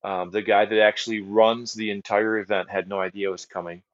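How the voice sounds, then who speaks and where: A man's voice: lowish voice, level tone, fairly quick, dry recording. A middle-aged man from the United States telling a personal testimony on a podcast, earnest, with repeated phrases and many fillers. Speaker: guest ministry leader. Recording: dry, slightly dull podcast audio.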